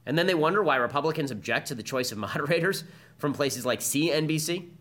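A man's voice: fairly high pitch, expressive, a bit bright. A man hosting a podcast, delivering combative political commentary as a monologue. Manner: combative, fast-talking monologue. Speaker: podcast host.

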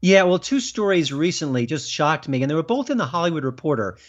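A man being interviewed as a film critic, talking emphatically and rising in pitch when indignant. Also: sing-song, a little fast. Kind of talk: political interview. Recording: dull lo-fi sound.

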